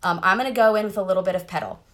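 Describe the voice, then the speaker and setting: A chatty woman, talking straight to her viewers as she walks them through her makeup on a live stream. Her voice sits at a middle pitch, and she sounds bubbly and friendly. She is recording from inside a car. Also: rapid-fire, fairly bright tone. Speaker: makeup seller doing a live demo. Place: parked car.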